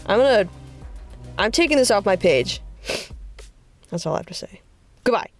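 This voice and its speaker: A woman artist casually talking through her drawings, chatty and rambling, with excited high-pitched bursts. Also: normal speed, no echo, soft background music. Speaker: artist vlogger. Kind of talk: casual art commentary.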